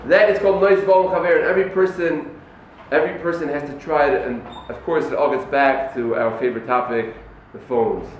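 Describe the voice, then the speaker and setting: Fast-talking, animated rabbi in an echoey hall. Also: male voice, fairly high pitch. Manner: animated storyteller acting out quoted people. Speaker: yeshiva rabbi giving a talk to students. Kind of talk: lively sermon with told stories. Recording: echoey room, mic far off, faint noise.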